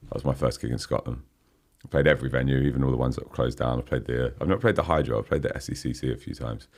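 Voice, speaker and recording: A man's voice: rumbling low, quick pace. A man in his forties, a guest musician chatting casually in a podcast interview, laughing often and saying "you know what I mean" a lot. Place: podcast studio.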